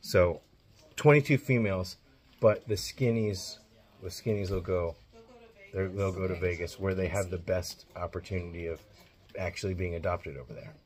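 Low-voiced man chatting at a rescue. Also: steady tone, moderate pace, darkish tone. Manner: earnest, chatty, explains animal care. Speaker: host of animal rescue channel. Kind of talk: casual on-location vlog chat.

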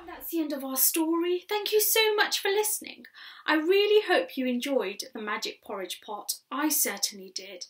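A woman reading a children's picture book aloud, expressive, with gasps and whispered asides. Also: high voice, moderate pace. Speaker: children's story reader.

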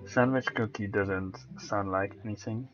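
A man's voice: on the low side, fairly even intonation, unhurried, fairly bright tone, highs cut off, faint music behind. A man streaming a game, chatting and teasing friends in casual commentary. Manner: joking, teasing banter.

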